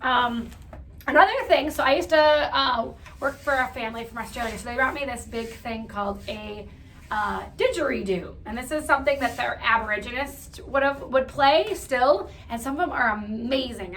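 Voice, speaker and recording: Woman, teacher, casual kids' lesson, chatty, slightly high voice. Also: a bit bright, slight background noise. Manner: chatty, many fillers, addresses children. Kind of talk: casual classroom lesson for kids.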